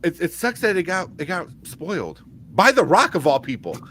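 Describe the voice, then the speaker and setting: A man's voice: sits high, very animated, normal speed, a bit bright, a little hiss or hum. A man co-hosting a podcast, chatting casually and retelling movie scenes with lots of fillers. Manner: rambling, retells movie scenes with quoted voices. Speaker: podcast co-host. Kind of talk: casual chat.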